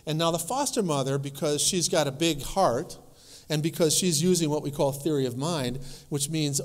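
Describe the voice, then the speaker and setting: Lively male lecturer in a reverberant hall. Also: on the high side, unhurried. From North Dakota. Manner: lively storytelling, acting out quoted voices. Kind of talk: conference lecture with anecdotes.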